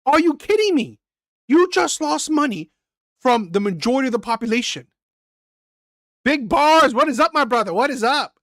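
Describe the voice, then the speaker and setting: A woman's voice: high-pitched, animated, moderate pace, long pauses, no echo, clean studio sound. A woman hosting a reaction channel, ranting bluntly with profanity and firing off repeated rhetorical questions. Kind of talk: ranting commentary.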